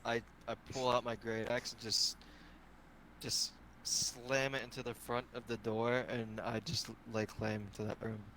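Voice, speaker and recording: A man's voice: mid-range voice, level tone, unhurried, a bit bright, slight background noise, low-quality recording. A man playing a tabletop game, talking in an eager, rambling way. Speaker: player. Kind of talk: casual tabletop play.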